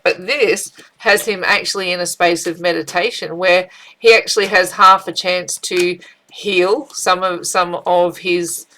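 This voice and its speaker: A woman's voice: on the low side, a little slow, poor audio. Chatty woman giving a tarot reading. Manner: chatty, animated, with frequent fillers and restarts. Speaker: tarot reader. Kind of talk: casual spiritual tarot reading.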